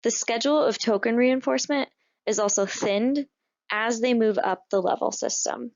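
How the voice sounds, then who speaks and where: Gravelly woman narrating a course. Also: on the high side. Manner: measured, explanatory. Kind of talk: scripted narration. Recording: dull, lo-fi voice-over.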